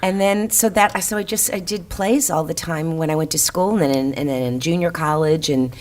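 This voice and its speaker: A woman's voice: sits low, brisk, darkish tone. An older woman from Florida, a guest actress chatting on a podcast, talking freely with lots of restarts. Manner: chatty, many restarts, drops into mimicked voices. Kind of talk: casual podcast chat.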